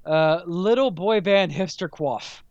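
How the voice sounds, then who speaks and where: A man co-hosting a podcast in casual chat, playful and quick to laugh. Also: sits high, dry recording, lo-fi sound. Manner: giggly, animated, playful. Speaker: podcast co-host.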